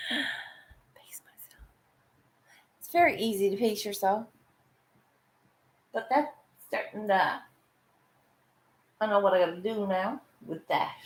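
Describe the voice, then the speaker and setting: A middle-aged woman chatting casually while she paints, swearing freely and laughing often. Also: mid-range voice. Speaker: painting vlogger.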